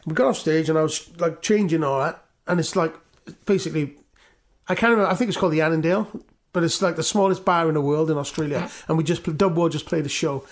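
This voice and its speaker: A man's voice: a little high, fairly even intonation, fast talker. A Welsh man from Newport, a guest musician telling rambling stories in casual chat, swearing and acting out the voices of the people he quotes. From Newport, Wales.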